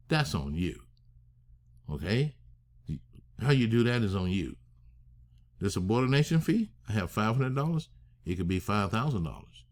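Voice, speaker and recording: A real estate finance instructor with a lowish voice leads a masterclass on structuring deals. He speaks emphatically, poses rhetorical questions, and slows down to hammer home key phrases.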